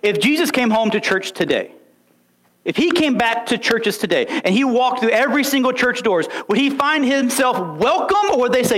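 A man's voice: extremely high pitch, lively intonation, normal speed, fairly bright tone. A young man preaching a sermon, emphatic and full of rhetorical questions and stories. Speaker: pastor.

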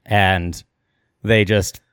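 A man's voice: sits low, drawn-out words, smooth, dry recording, studio quality. A man co-hosting a podcast, casually retelling a travel story and quoting the people in it. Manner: animated retelling, quoting characters in passing. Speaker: podcast co-host.

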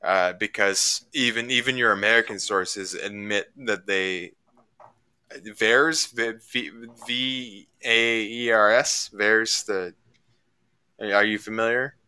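A man from Canada with a very bright, crisp, smooth voice in casual conversation. He tells his story with lots of stammering restarts and repeated words, climbing higher when he gets worked up. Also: steady tone, slow pace. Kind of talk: casual chat.

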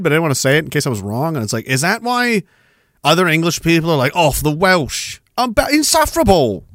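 A man hosting a podcast, reading chat messages in a sarcastic, animated way, laughing often and swearing. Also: on the high side, no room sound, studio quality. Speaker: podcast host. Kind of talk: casual livestream commentary reading chat.

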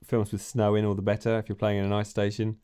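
A man's voice: lowish voice, completely flat delivery, fast talker, mellow, clean tone. A man co-hosting a tabletop gaming podcast, chatting casually with upbeat, teasing banter. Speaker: podcast co-host and player. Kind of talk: casual chat about a tabletop game.

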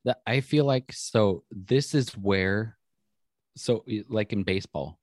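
A man's voice: fairly low pitch, slow pace, dry recording, clean studio sound. A man co-hosting a podcast, telling stories in casual chat with many restarts. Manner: rambling storyteller, many restarts. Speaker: podcast co-host.

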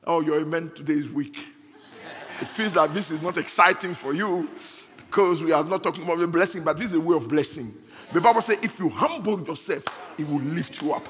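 A man preaching a sermon as pastor, rising into loud bursts and laughing between points. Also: fairly high pitch, a little fast. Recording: reverberant hall.

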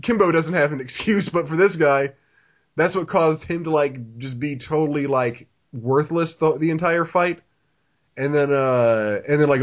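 A man hosting a podcast, talking casually in a rambling way, with many fillers and laughs. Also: a little high. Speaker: podcast host. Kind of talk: casual chat. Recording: dull lo-fi audio.

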